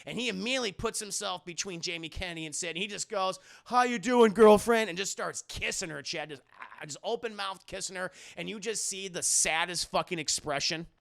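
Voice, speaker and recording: A high, bright male voice with a gravelly edge, chatting through a film review on a live stream. He is animated and swears freely, laughing often as he speaks straight to his viewers. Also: brisk, few pauses. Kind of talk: casual live-stream commentary.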